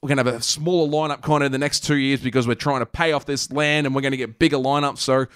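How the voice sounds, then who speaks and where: A man's voice: mid-range voice, fairly even intonation, fast talker, a bit bright, smooth, no room sound. A young Australian man co-hosting a casual podcast, trading dry jokes and opinions. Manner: dry, joking asides. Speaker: podcast co-host. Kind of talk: casual chat.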